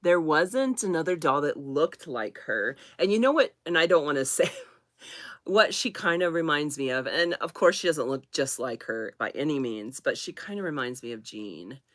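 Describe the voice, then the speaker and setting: A woman in her thirties from Kansas hosts a casual live-stream chat about dolls as a collector, rambling, laughing often, and coming close to tears. Her low voice is expressive and fairly bright, moving at a moderate pace with no echo.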